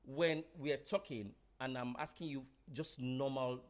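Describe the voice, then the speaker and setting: A man's voice: medium pitch, fairly even intonation, a little slow. A Nigerian man co-hosting a podcast, insisting on his point and repeating himself in a heated casual chat. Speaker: podcast co-host.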